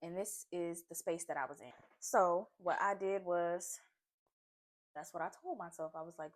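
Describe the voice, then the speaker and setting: A woman's voice: lowish voice, normal speed. Chatty woman telling a storytime. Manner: animated, chatty, lots of fillers and asides. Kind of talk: casual storytime while eating. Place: at home, eating a seafood boil.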